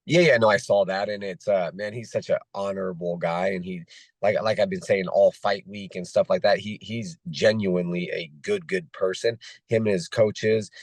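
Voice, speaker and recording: Guest fighter, late thirties, voice nearly gone and hoarse, deep and halting with many fillers. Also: male voice, steady tone, no echo. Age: 30s. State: hoarse, losing his voice. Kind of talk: casual interview chat.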